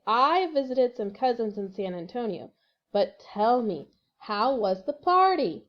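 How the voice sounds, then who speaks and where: A woman's voice: fairly high pitch, big pitch swings, slow. A woman teaching a recorded language lesson, patiently walking through exercises and spelling out words letter by letter. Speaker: Spanish teacher. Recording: dull lo-fi recording.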